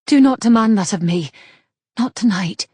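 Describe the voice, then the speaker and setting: A woman's voice: mid-range voice, moderate pace, darkish tone, slightly rough, dry recording, natural voice. Breathless young lady, anxious and pleading, read by a woman narrator. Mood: panicked. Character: young noblewoman, anxious and tired.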